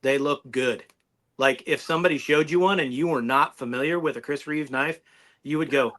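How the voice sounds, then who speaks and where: Bright, lively man talking knives. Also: a little high, moderate pace. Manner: rambling, restarts mid-sentence. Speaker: knife reviewer guest. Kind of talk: casual podcast chat.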